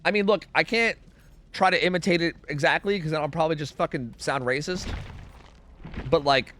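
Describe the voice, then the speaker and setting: A man's voice: fairly high pitch, moderate pace, a bit bright, a little hiss or hum. A young American man chatting casually while streaming a game, rambling, swearing and humming to himself. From United States. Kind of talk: casual gaming livestream chat.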